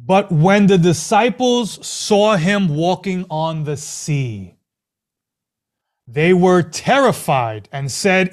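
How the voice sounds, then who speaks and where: A pastor delivers a lively sermon in a notably high voice. He leans on rhetorical questions and repeats phrases for emphasis as he preaches. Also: normal speed.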